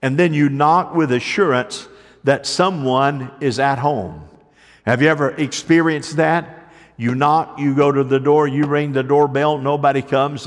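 A man preaching a sermon, moving from quiet storytelling to loud, rising preaching. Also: medium pitch, big-room sound. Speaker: pastor.

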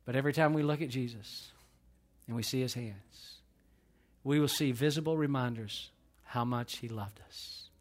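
A middle-aged man preaching a sermon to his church, swinging between loud emphatic peaks and soft hushed lows. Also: normal speed. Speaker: pastor. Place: church sanctuary.

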